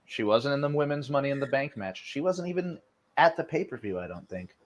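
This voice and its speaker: A man's voice: medium pitch, expressive, fairly quick, muffled recording. A young man hosting a casual online show, thinking aloud through a guessing game and swearing freely. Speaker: host playing a wrestling guessing game. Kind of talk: casual chat.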